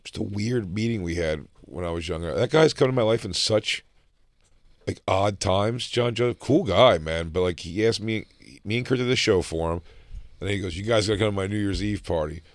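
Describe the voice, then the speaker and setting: A man with a low voice tells a rambling story in an unhurried, laid-back way. The sound is close and dry. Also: no room sound. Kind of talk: casual chat.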